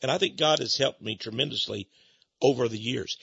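A Texan man hosts a religious radio program, his booming voice swelling into fired-up rants. His tone is bright and forceful but husky, with a gravelly edge. The broadcast sounds dry and dull, like lo-fi radio. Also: fairly quick, dry recording. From Texas. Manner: booming, gets carried away into impassioned rants. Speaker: radio host. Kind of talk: religious radio talk and preaching.

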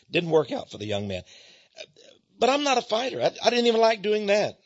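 A man, a Christian speaker telling stories in an animated, chuckling sermon style. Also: high-pitched, unhurried, dull audio, a little hiss or hum. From Texas, USA. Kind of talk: storytelling sermon.

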